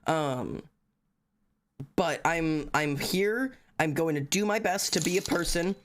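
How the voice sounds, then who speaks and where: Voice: medium pitch, slow pace, background noise. Sleepy streamer, rambly and sweary, just chatting live. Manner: profane, rambling, jokey. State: tired. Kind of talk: casual live-stream chat.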